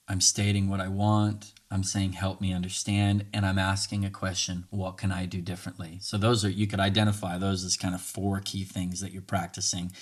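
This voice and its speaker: A man hosting a podcast, earnestly teaching communication tools and acting out sample dialogue. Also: low-pitched. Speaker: podcast host. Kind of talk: casual teaching monologue.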